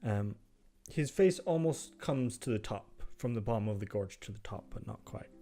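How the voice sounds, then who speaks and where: A man's voice: on the low side, expressive, moderate pace, dark tone, soft background music. A man narrating a tabletop game as game master, describing scenes with frequent ums.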